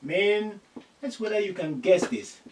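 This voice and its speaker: A man teaching an Arabic lesson, slowly repeating phrases and spelling out sounds for his learners. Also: high voice, animated, a little hiss or hum. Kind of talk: classroom lesson. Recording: distant from the mic.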